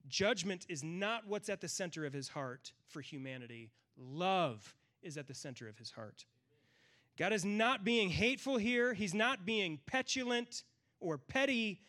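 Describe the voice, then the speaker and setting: High-voiced earnest male preacher. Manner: earnest, pleading, varies loudness for emphasis. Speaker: pastor. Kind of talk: sermon.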